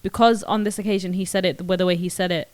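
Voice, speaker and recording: A woman's voice: fairly low pitch, fairly even intonation, fast talker, no echo. A young woman, co-hosting a casual podcast and thinking aloud with many restarts. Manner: thoughtful, hesitant, many restarts. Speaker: podcast co-host. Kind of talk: casual chat.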